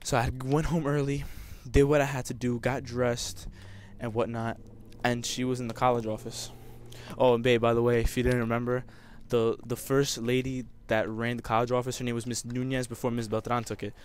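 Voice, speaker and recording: A man's voice: mid-range voice, little pitch movement, fairly quick, slight background noise. A young man telling a personal story over gameplay commentary, emotional and rambling, with many restarts. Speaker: gamer.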